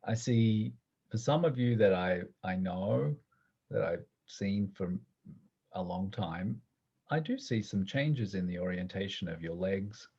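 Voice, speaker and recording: A man teaching a guided movement class, giving gentle, playful instructions and often laughing. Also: deep voice, animated, unhurried, husky, lo-fi sound.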